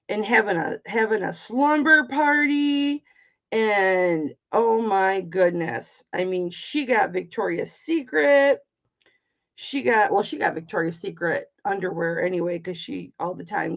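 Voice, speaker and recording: A woman's voice: mid-range voice, measured pace, creaky. A middle-aged woman hosting a live jewelry auction, chatting casually, swearing freely and greeting viewers by name. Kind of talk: casual chat while selling. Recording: dull lo-fi stream audio.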